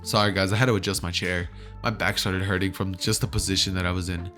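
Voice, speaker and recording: A man's voice: deep voice, steady tone, quick pace, sharp tone, faint music behind. A young man casually retelling a fan story as a YouTuber. He rambles and fills his talk with "like" and "you know".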